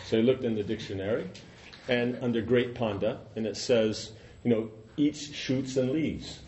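A man's voice: medium pitch, normal speed, a little mellow, dull audio, slight background noise. A man teaching an informal class, rambling and conversational, often saying "you know".

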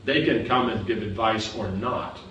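This recording of a spiritual teacher sounds dull, distant and echoey, with noise behind it. His voice leans low yet a bit bright, moving at a moderate pace as he patiently explains scripture and keeps confirming his listeners understand.

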